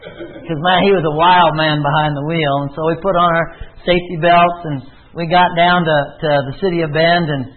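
Man, preacher, high-pitched voice, earnest testimony, rhetorical questions, tinny phone-like sound. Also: fairly even intonation, moderate pace. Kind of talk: sermon with personal testimony.

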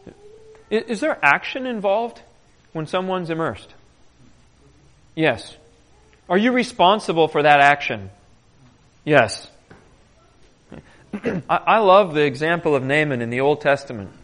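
A man preaching in a conversational way, telling stories with animation and often clearing his throat. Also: fairly high pitch, a little slow, long pauses. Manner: animated storytelling. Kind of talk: conversational Bible teaching.

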